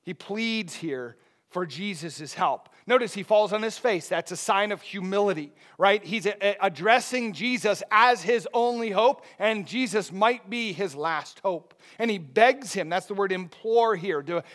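High pitched guy preaching, gets quiet then booms. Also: measured pace. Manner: dynamic preaching, dropping soft then rising loud. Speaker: pastor. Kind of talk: sermon.

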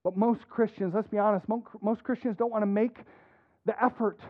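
High-voiced preaching man, phone-thin sound. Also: fairly even intonation, brisk, no echo. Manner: earnest preaching, drops soft then rises emphatic. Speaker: pastor. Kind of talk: sermon. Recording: dry phone-like narrow sound.

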